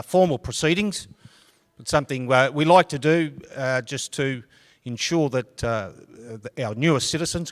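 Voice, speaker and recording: An Australian man giving a casual, joking speech to an audience, with lots of fillers, in an echoey hall. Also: medium pitch. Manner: loose, chatty, with many fillers. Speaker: guest speaker. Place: large hall with long reverb. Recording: echoey hall, long reverb.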